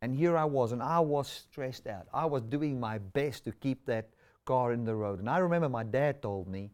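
A man preaches a sermon in a mid-pitched voice. He tells the story animatedly, swinging from loud exclamations down to quiet asides. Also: expressive, normal speed.

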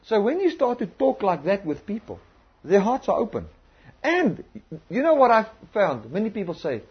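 Husky, animated male preacher. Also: high-pitched, moderate pace. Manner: animated storytelling, acting out conversations. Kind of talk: sermon on evangelism. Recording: dull lo-fi recording.

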